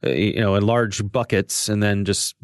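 A man's voice: lowish voice, steady tone, moderate pace, dry recording, studio quality. A man hosting a podcast who explains things in a thoughtful way, with small restarts, in a casual chat. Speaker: podcast host.

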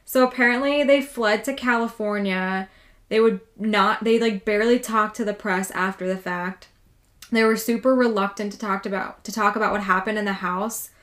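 A woman's voice: mid-range voice, steady tone, normal speed, fairly bright tone. Casual woman telling a haunting story. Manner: casual, swears freely, lots of "like". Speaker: podcast co-host telling a true haunting story.

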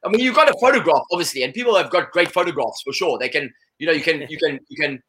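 A man holds forth as an interview guest, rattling along at a rapid clip. His voice is bright and somewhat high, and he peppers every thought with "you know." He sounds like a seasoned salesman talking shop. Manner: animated, full of "you know" fillers. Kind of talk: conversational interview.

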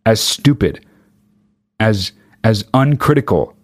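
A man ranting with sarcasm and heavy swearing, mocking others in high put-on voices. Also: expressive, slow pace. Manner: angry, sarcastic, swears a lot. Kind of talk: profane ranting monologue.

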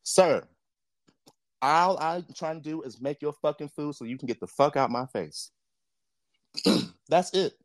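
A man's voice: a little high, normal speed, pauses often, no room sound. A man co-hosting a podcast, talking in a blunt, profane and impassioned casual rant. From Jamaica. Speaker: podcast co-host.

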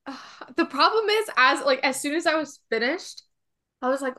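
A woman co-hosting a podcast in casual chat, excitable and flustered, swearing freely. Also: sits high, moderate pace. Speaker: podcast co-host.

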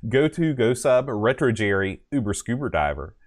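A man hosts a casual podcast at normal speed, his pitch swinging widely as he rambles and pokes fun at himself while thanking supporters. He sings the patrons' names in a high, put-on voice.

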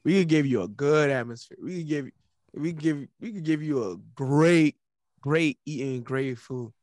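A man chatting casually on a podcast, animated, restarting and repeating words as he talks. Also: on the high side, normal speed, no room sound. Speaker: podcast co-host. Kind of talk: casual chat.

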